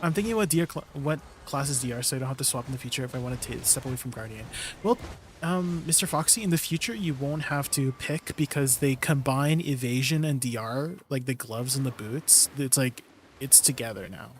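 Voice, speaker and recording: A man's voice: medium pitch, a little fast, a little hiss or hum. A man streaming a game, chatting casually with his viewers in an easygoing way, with plenty of fillers. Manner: chatty and easygoing, many fillers, laughs often. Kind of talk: casual livestream chat with viewers.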